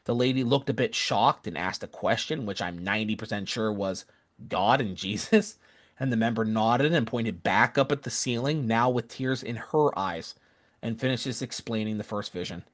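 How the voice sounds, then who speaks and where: A man's voice: fairly low pitch, moderate pace. A man telling a missionary story with an earnest, casual manner, often correcting himself mid-sentence. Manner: earnest, self-correcting, acts out quoted voices.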